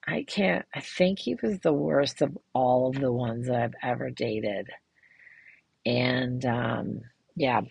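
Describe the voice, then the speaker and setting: A middle-aged woman hosts her own podcast and talks candidly about her life, with many ums and restarts. Her voice sits low and she takes her time. The sound is close and dry. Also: takes it slowly, vocal fry, a little mellow, breathy edge, no room sound. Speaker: podcast host. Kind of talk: casual personal monologue.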